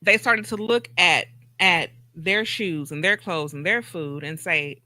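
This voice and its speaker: A woman's voice: on the low side, unhurried, sharp tone, dry recording. A woman co-hosting a podcast, talking casually and telling a long story with many restarts and fillers. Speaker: podcast co-host.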